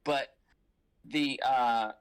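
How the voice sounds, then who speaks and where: A participant in a casual book discussion, talking earnestly with a slightly halting delivery. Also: medium pitch, fairly even intonation, vocal fry, smooth.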